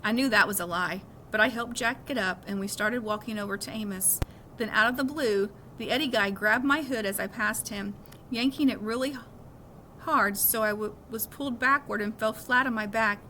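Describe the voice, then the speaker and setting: Bright woman reading a novel aloud. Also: fairly high pitch, moderate pace, slight background noise. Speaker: reader of a novel.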